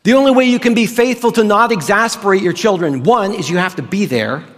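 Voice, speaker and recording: Guy preaching casually in a church hall, kinda high voice, stretches out words. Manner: conversational, stretches key words slowly for emphasis. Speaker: pastor. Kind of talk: sermon. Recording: long hall reverb.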